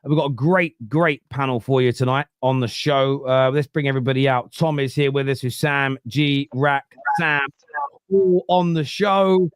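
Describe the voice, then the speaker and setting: A man's voice: mid-range voice, fairly even intonation, normal speed, clean tone, no room sound. Chatty male live-stream host, dry mic. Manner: chatty, reads out viewer messages. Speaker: show host. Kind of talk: live stream match reaction.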